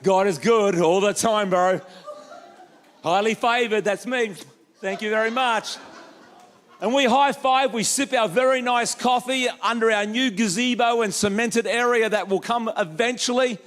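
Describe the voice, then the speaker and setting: A man preaching a lively sermon as pastor, acting out quoted voices with jokey asides. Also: very high-pitched, moderate pace. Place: church hall.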